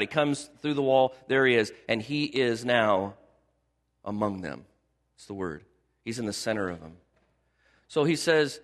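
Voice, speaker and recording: A man's voice: medium pitch, moderate pace. A man preaching a sermon as pastor. He talks conversationally, repeats key words for emphasis, and asks his congregation questions. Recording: long hall reverb.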